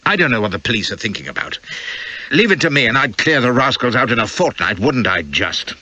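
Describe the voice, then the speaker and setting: A man's voice: mid-range voice, sing-song, brisk, pushed and bright, no room sound, voice pushed up, heavily acted. A man doing a hearty, grinning adventurer captain. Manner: breezy, teasing, jolly banter. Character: hearty fortyish male adventurer leader, grinning, callous. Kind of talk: audiobook character voice.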